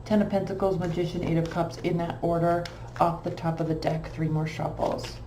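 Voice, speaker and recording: A woman's voice: fairly low pitch, little pitch movement, moderate pace, echoey room, background noise. A woman reading tarot cards in a blunt, emphatic way, repeating phrases for stress. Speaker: tarot reader.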